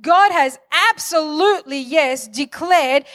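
A woman's voice: sits high, slow, a bit bright. A woman preaching a sermon, building to fervent declarations and calling on the congregation for amens. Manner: calls for amens.

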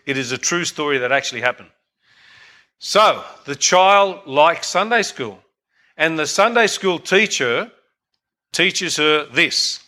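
A man's voice: a little high, pushed and bright. A man, preaching and telling a story in an earnest, emphatic way, repeating points for emphasis. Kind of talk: sermon storytelling.

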